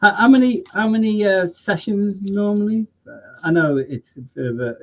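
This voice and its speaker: A man hosting an interview, relaxed and agreeable, with frequent short backchannels. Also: high voice, normal speed, low-quality recording. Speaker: podcast host. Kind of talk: casual interview chat.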